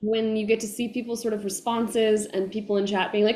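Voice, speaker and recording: A woman voice actor chatting as an interview guest, animated and full of fillers, acting out fans' excited voices. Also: mid-range voice, a little fast. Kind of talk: casual interview chat. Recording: echoey room.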